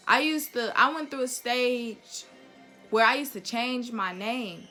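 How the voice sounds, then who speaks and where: A young woman talks straight to her audience in a heated, unfiltered rant. Her voice sits slightly high and sounds bright and forceful, and she lands every point bluntly with plenty of profanity. Soft music plays faintly behind her. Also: unhurried. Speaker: vlogger. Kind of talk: heated opinion rant to camera.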